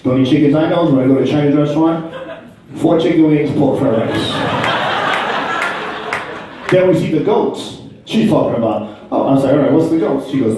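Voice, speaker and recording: A man's voice: mid-range voice, brisk, warm tone, heavy reverb, distant mic, rough recording. A man performing a brash, profane stand-up comedy set in a club, acting out other people's voices. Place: comedy club stage before a laughing audience.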